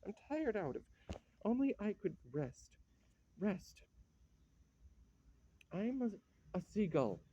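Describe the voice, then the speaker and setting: A man's voice: high-pitched, very animated, mellow, breathy edge, highs cut off, voice pushed up, exaggerated voice. A man reading the part of a weary, broken young actress. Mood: despairing. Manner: halting, broken, stumbling restarts. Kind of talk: dramatic play reading.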